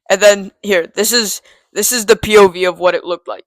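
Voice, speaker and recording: A man's voice: high voice, fairly even intonation, fairly quick, few pauses, a bit bright, dry recording. A teenage boy casually telling a story to the camera, rambling with lots of "um" and "like" and laughing at himself. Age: teens.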